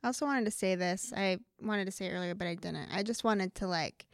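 An earnest young woman chatting casually, her voice carrying a strong gravelly fry. The recording is dry and close. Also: medium pitch, brisk, no room sound. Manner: earnest, chatty, lots of "like" and "you know". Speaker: co-host. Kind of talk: casual faith discussion.

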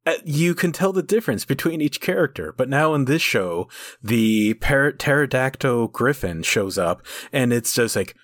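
A man's voice: mid-range voice, lively intonation, normal speed, dry recording. A man co-hosting a podcast in casual chat, a wry storyteller who keeps drifting off on tangents. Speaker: podcast co-host.

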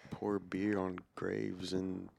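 A man's voice: deep voice, monotone, slow pace, creaky, a little mellow. A young man co-hosting a podcast, teasing his co-host in a dry, casual way.

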